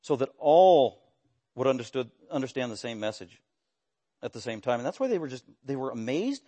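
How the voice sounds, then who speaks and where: Animated, emphatic male preacher. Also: mid-range voice, normal speed. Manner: drops into mimicking voices for quoted speech. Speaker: pastor. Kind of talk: expository sermon.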